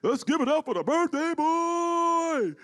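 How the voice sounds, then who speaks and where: A man imitating a male boxing ring announcer, shouting in slow, drawn-out phrases. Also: extremely high pitch, sing-song, voice pushed up, exaggerated voice. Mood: hyping.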